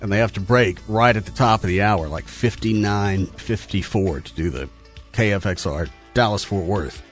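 A man's voice: on the low side, normal speed, soft background music. A middle-aged man hosting a radio show from the studio, telling joking stories in casual chat. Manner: animated, joking storyteller.

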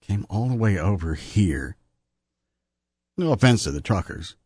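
A man's voice: lowish voice, lively intonation, a little slow, a little mellow, slightly rough, dry recording, studio quality. A man hosting a morning radio show, joking and teasing a caller. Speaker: radio host.

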